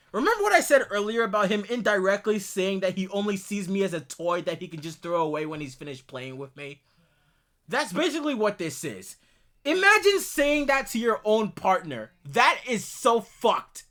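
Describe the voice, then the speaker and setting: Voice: medium pitch, very animated, normal speed, pushed and bright. Furious, cursing call-out rant. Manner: furious, profane, ranting and cursing. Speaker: video creator addressing an ex-partner. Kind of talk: angry call-out monologue over screenshots.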